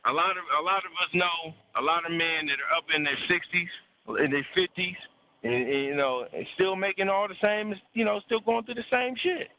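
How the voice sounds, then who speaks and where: A man's voice: sits high, moderate pace. A man speaking bluntly and preachily, with profanity and repeated words for emphasis, in a casual talk about relationships over a call. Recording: tinny phone-like line.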